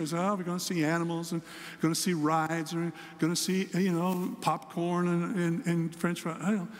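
An older man, a pastor, tells a story about his grandson during a sermon in a church sanctuary, acting out the child's voice in quotes. He speaks with a high-pitched voice, fairly even intonation and a quick pace. The sound is that of a big room.

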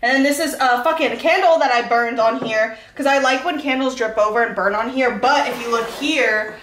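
A woman's voice: a little high, moderate pace, a bit bright. Candid, swearing young woman in roomy echo. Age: 20s. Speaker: vlogger giving a room tour. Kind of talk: casual chat. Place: bedroom in an apartment.

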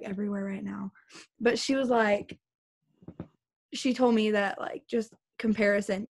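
A young woman on a group video call, chatting casually in a rambling way, full of "like". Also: a little high. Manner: rambling, fillers like "like" everywhere. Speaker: team member sharing her story.

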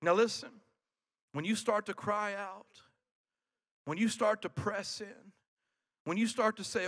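High, bright-voiced preaching pastor. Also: male voice, steady tone, moderate pace, big-room sound. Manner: builds from quiet to shouted preaching. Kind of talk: sermon. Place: large church hall.

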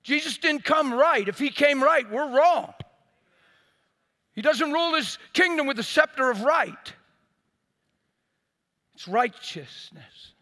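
A man preaching a sermon in an expressive, emphatic way, swinging between loud bursts and hushed passages. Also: very high-pitched, slow pace, pauses often, big-room sound.

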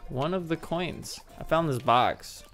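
A man's voice: a little high, unhurried, a bit bright, soft background music. A man casually commenting on a video game while a little tipsy, rambling, joking and swearing freely. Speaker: gameplay streamer.

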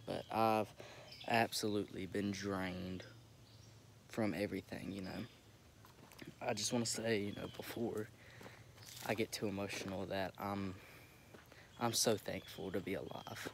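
A young man recording himself on his phone, talking haltingly with many restarts as he holds back tears. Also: on the low side, fairly even intonation, gravelly. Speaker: vlogger. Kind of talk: emotional direct-to-camera update. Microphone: phone camera. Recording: phone recording with noticeable background noise.

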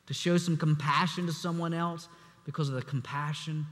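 A man preaching a sermon as assistant pastor, speaking conversationally with restarts and fillers, sometimes dropping to a hushed voice. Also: a little high, steady tone, normal speed. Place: church sanctuary. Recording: echoey church hall.

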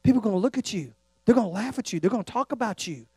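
A male preacher voicing a smooth-talking devil who tempts in a hushed, coaxing murmur during a sermon. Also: sits high, lively intonation, very fast, no echo, studio quality, voice pushed down, exaggerated voice. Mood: hushed warning.

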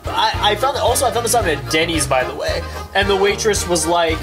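A young man in a casual vlog, talking in an excitable, animated way and swearing often. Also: high voice, a little fast, music in the background. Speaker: YouTuber.

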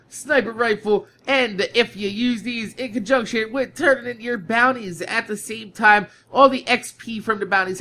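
A man's voice: sits high, sharp tone. A man hosting a gameplay video, rambling casually with lots of swearing and frequent laughs. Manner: profane, rambling, laughs often.

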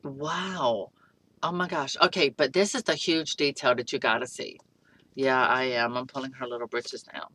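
A woman's voice: rumbling low, steady tone, moderate pace, fairly bright tone, slightly rough. A woman reviewing a doll she just unboxed, gushing with breathless exclamations.

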